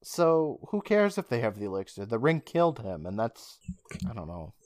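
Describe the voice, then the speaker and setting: A man co-hosting a casual podcast, retelling a show's scenes with quick character lines and frequent laughs. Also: medium pitch, very animated, a little mellow, no room sound. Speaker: podcast co-host. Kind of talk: casual recap chat.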